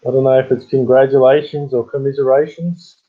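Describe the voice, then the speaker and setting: A man's voice: medium pitch, flat delivery, fairly quick. An Australian man chatting casually with viewers on a live stream, trading joking, matey banter. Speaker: coin hunting channel host. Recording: tinny phone-like sound.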